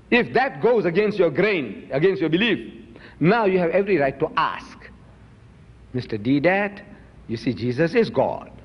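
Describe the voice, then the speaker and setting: A man answering audience questions at a public debate, emphatic and full of rhetorical questions. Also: sits high. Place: lecture hall. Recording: dull lo-fi hall with long reverb.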